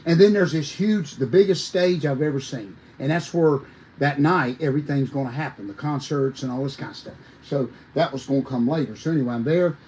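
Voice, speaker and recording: A man, a former wrestler telling lively, folksy stories as a podcast guest, talking straight to his listeners. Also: fairly high pitch, fairly quick, a little hiss or hum, poor audio. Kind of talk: animated storytelling on a podcast.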